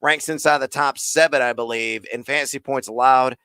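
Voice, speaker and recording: A man hosting a fantasy football Q&A, answering chat questions rapid-fire with playful, hyped asides. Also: mid-range voice, steady tone, sharp tone, clean tone, dry recording. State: out of breath.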